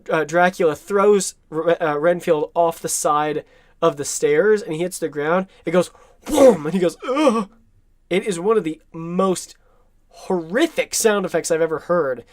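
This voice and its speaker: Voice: mid-range voice, dry recording. A film commentator talking casually and enthusiastically over movie clips, chatty and often laughing.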